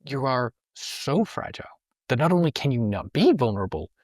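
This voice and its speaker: A man's voice: medium pitch, very animated, a little fast, darkish tone, no echo, clean studio sound. A man appearing as an educator guest on a podcast, talking in earnest, emphatic bursts. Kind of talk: casual conversational podcast.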